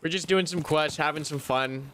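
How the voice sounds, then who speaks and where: A young man streaming a game, chatting casually in a rambling, profane, animated way. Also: on the high side, normal speed, slight background noise. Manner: rambling, profane, animated rants with mocking impressions. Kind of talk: casual live-stream chat while gaming.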